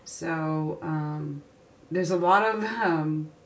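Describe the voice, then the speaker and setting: A woman giving a casual tarot reading, chatty and excitable, laughing often and filling pauses with ums. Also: low-pitched. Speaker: tarot reader.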